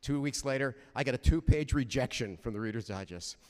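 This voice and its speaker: An older man giving a heartfelt, storytelling chapel talk at a university, animated and prone to halting restarts. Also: medium pitch. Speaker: guest chapel speaker. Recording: reverberant chapel hall.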